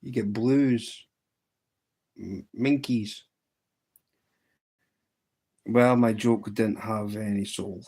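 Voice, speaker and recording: A man's voice: fairly low pitch, steady tone, extremely slow, long pauses, a little mellow. A man with a Scottish accent telling long rambling jokes on a livestream, restarting lines as he goes. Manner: rambling storyteller, restarts and says "says" often. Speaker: fly tying livestreamer. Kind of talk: casual joke telling on a livestream.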